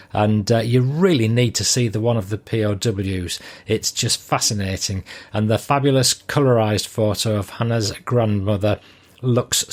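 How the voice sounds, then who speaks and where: An older man hosting a podcast, reading listener messages aloud in a relaxed, conversational way. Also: on the low side. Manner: relaxed, conversational, with frequent ums. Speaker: podcast host.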